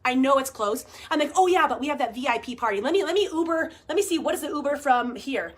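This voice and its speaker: A woman in her forties chatting to her viewers, telling a story in an animated way, laughing and swearing casually. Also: high voice, fast talker. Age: 40s. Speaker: vlogger. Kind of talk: casual chat to camera.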